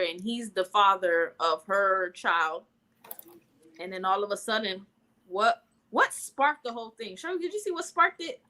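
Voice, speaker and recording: A woman co-hosting a podcast, telling stories in loose, slangy, casual chat. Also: mid-range voice. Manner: loose slangy storytelling, animated gossip. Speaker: podcast co-host.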